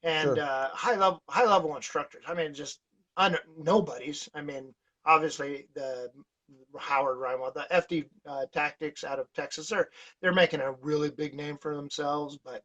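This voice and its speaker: A man with a fairly high voice chats as a podcast guest, wandering through his stories with lots of uh's and restarts. He gets animated and laughs as he tells them. The recording sounds dull and lo-fi. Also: moderate pace. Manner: rambling, many fillers and restarts. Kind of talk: casual conversation.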